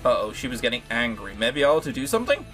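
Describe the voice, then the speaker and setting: A man's voice: mid-range voice, big pitch swings, quick pace, fairly bright tone, soft background music. A man reads a visual novel aloud, breaking off for sarcastic jokes and casual swearing. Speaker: let's play host. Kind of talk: reading a visual novel aloud with joking commentary.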